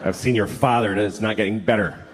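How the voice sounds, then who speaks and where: A sardonic man doing a stand-up set on a club stage, building to shouted rants, over a loud crowd. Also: on the low side, fast, a little hiss or hum. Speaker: stand-up comedian.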